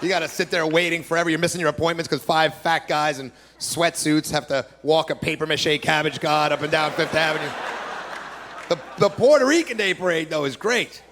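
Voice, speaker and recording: A man's voice: a little high, fairly quick, a bit bright. A man doing a stand-up routine in a comedy club, ranting in a brash, profane, incredulous way. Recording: live club set with crowd laughter and noise. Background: crowd laughing.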